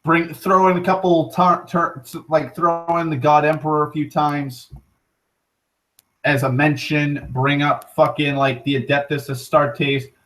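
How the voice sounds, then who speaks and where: Rambling, profane young man, slightly high voice. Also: unhurried, rough recording. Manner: rambling, profane, self-correcting, excitable. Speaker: internet talk show host. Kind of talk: rambling casual monologue.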